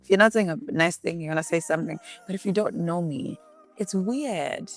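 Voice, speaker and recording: South African woman, interview guest, animated storyteller, faint music bed. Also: lowish voice, fairly quick. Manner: animated retelling, acts out quotes. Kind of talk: candid interview, mixing English and Zulu.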